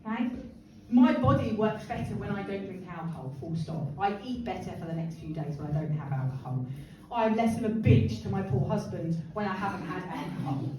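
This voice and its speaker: A woman leading a workshop, chatty and animated, asking the group questions and laughing often. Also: mid-range voice, fairly quick, noisy background. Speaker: empowerment speaker running a workshop. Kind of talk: lively workshop talk to a group. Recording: echoey hall from far off, crowd behind.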